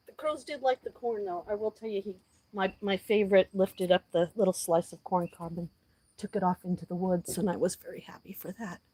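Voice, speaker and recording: A woman's voice: medium pitch, a little fast, slightly rough. Heartfelt woman chatting outdoors. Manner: emotional, heartfelt, talks softly to animals. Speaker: vlogger talking to a live audience. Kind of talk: casual livestream chat.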